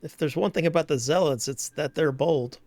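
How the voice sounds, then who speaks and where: A man's voice: on the high side, moderate pace, a little mellow, no room sound. A man casually commenting over a video game with joking, sarcastic asides. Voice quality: gravelly. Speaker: gameplay streamer.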